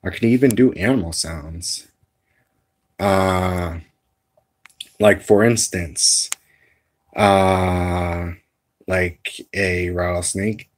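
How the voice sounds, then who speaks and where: A man's voice: sits low, steady tone, extremely slow, pauses often. A man talking casually in a vlog, rambling and hesitant with many fillers as he shows off voices and animal noises. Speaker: amateur voice impressionist.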